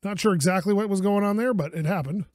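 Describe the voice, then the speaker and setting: A man's voice: high voice, fast, a little mellow, dry recording, clean studio sound. A man giving casual commentary over a game, muttering to himself and talking to the parts he works on, with exasperated outbursts and self-soothing. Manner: talks to the game objects. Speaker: gaming YouTuber.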